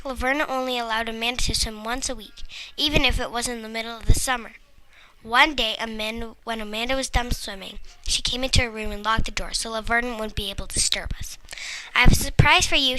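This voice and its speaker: Woman, storyteller, children's story, playful, bright, higher pitch. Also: rough recording. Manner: lively, playful storybook narration with comic similes. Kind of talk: reading a first-person children's story.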